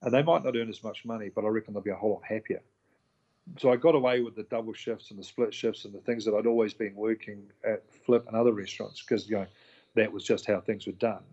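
A man's voice: lowish voice, fast talker, husky, muffled recording. A middle-aged man, a chef and restaurant owner, candidly telling stories in a casual interview, acting out voices and swearing now and then. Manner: candid, animated storyteller, acts out quoted voices, swears.

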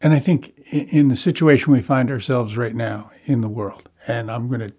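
Male conversation partner, warm mid-range voice, measured and reflective. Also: mid-range voice, fairly even intonation, slightly rough. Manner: measured, thoughtful.

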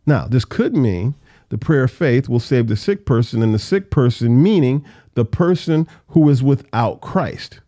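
A man teaching a casual Bible study, reading verses slowly and then explaining them in loose, conversational asides. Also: mid-range voice, animated, warm tone, dry recording.

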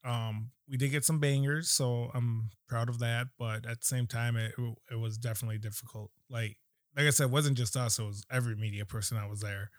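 A man co-hosting a podcast in casual, laid-back chat, filling pauses with "like" and "um". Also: medium pitch, steady tone, dry recording, clean studio sound. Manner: laid-back, lots of fillers like 'like' and 'um'. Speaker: podcast co-host.

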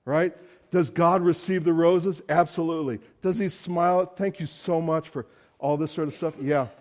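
Man, preacher, sermon, fairly high voice, swings between loud and hushed, acts out voices. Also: steady tone, moderate pace.

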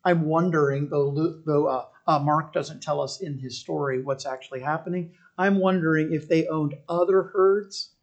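Animated preacher checking in with listeners. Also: medium pitch, normal speed, hardly any pauses. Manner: animated storytelling, keeps asking listeners "right?"; restarts and repeats phrases while thinking aloud. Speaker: pastor. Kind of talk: sermon.

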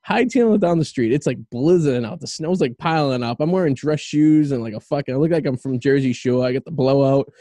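A man from the Boston area tells a rambling, profane story on a podcast, breaking into laughter along the way. His voice is relaxed and mellow, and it is recorded dry and close with no room sound. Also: medium pitch, fast, few pauses, dry recording. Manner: profane, laughing anecdotes with acted quotes. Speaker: podcast host.

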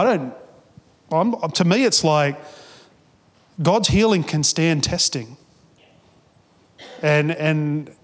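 A pastor with a fairly high voice delivers a sermon, telling stories in a casual, chatty way with restarts and quoted asides. His voice trails off into a long reverb tail.

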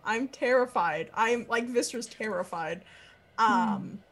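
A woman's voice: fairly high pitch, slow pace, fairly bright tone. A woman playing a tabletop game, playful and bubbly, humming to herself between rolls. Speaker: player.

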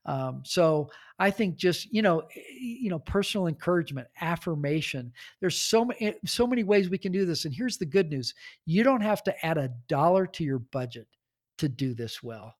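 A middle-aged man, a church leadership author, speaking in a podcast interview, earnest and telling stories with pauses. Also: on the high side, animated.

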